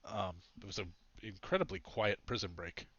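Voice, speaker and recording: A man's voice: fairly low pitch, moderate pace, fairly bright tone, no echo, lo-fi sound. A man narrating as game master of a tabletop game, chatty, laughing often, with many fillers.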